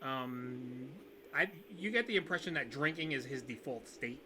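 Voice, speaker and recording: A man's voice: medium pitch, expressive, moderate pace, noisy background. A man narrating as game master of a tabletop game on a video call, rambling with fillers. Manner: rambling, full of fillers and restarts. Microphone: video call setup.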